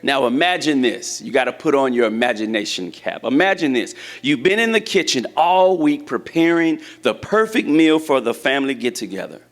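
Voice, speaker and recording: A man's voice: medium pitch, very animated, normal speed, hardly any pauses. A man preaching a sermon in a church, talking conversationally and asking the congregation questions. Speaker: church teacher.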